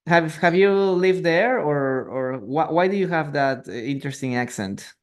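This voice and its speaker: A man's voice: a little high, lively intonation, moderate pace. A man hosting a live online English reading class, encouraging and exclamatory, often restarting his questions. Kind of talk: casual live-stream teaching chat.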